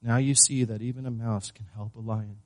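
A man's voice: on the low side, fairly even intonation, moderate pace, darkish tone, dry recording, lightly acted. A timid little mouse, read out by a man. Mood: proud. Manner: read aloud from a fable.

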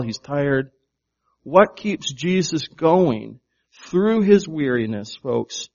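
A man's voice: on the high side, muffled recording. A man preaching a sermon, emphatic and shifting his volume to stress words, often asking his congregation questions. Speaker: pastor.

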